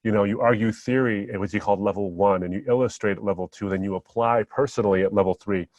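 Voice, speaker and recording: A man speaking as a guest on a podcast, reflecting on memories and telling stories in a relaxed, anecdotal way. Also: lowish voice, quick pace, dry recording, highs cut off. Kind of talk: podcast conversation.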